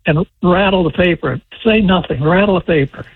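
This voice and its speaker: A husky-voiced man in his seventies phoning in to a radio show, pitched a bit high, halting and rambling. The line sounds muffled and dry. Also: no echo. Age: 70s. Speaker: caller.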